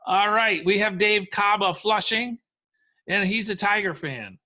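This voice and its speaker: A man's voice: high voice, a little slow, pushed and bright. A man hosting a podcast and politely interviewing callers about their memories. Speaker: podcast host.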